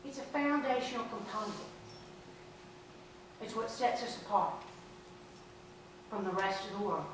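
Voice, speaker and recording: A woman pastor preaching a sermon, telling folksy stories and breaking into animated shouts. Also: mid-range voice, unhurried, noisy background. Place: church sanctuary. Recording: echoey church from far off.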